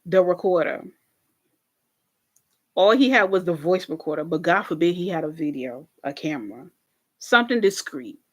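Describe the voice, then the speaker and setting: Speaking a little low and at a moderate pace with long pauses, a young woman runs a casual reaction video. She recaps a TV episode for viewers with lots of energy, frequent laughter, and plenty of swearing.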